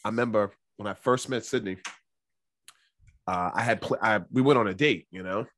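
A man's voice: lowish voice, normal speed. A man in his twenties telling a funny story in casual chat, with lots of fillers. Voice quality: animated storyteller with many fillers.

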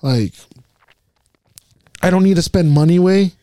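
Man, casual rambler, swears freely, low mellow tone, dry sound. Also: a little slow, dry recording. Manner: rambling, says "like" and "way" a lot, swears. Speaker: podcast co-host. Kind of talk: casual chat.

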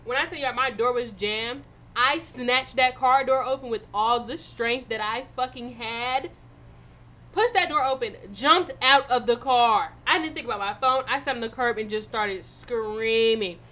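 A young woman co-hosting a podcast, telling a story in a casual way, animated and swearing freely. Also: on the high side, measured pace. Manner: animated, swearing, loud in retold moments. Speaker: podcast co-host.

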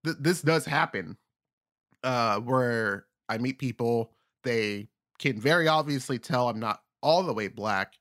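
A man's voice: medium pitch, expressive, a little slow, a bit bright, no room sound, clean studio sound. A man chatting casually on a comedy podcast, rambling and acting out the voices of people he mocks.

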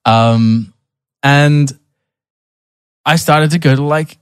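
A man's voice: a little high, very slow, clean tone, dry recording, studio quality. A young man telling a long personal story in a casual podcast chat, with many restarts and fillers. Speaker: podcast guest.

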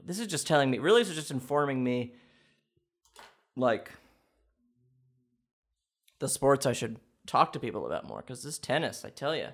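A young man hosting a comedic quiz challenge, thinking out loud and swinging between excited shouts and low mutters. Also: moderate pace, long pauses. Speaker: quiz contestant and host.

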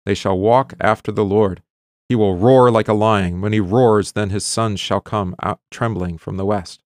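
A middle-aged pastor with a low, gravelly voice reads long scripture passages, his emphasis climbing on the pleading lines. Between readings he explains in loose asides with ums and quick restarts. The sound is dry and close, with no room behind him. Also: no room sound. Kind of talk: bible reading and teaching.

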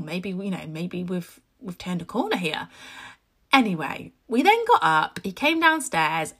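Bright-voiced chatty British woman. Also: mid-range voice. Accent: British English. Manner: chatty, animated storytelling with frequent asides. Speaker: podcast host and mother. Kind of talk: casual chat.

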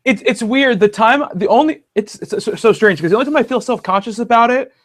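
A man with a very high-pitched voice speaks fairly quickly while hosting a casual podcast chat about comic books. He rambles, with lots of fillers and restarts.

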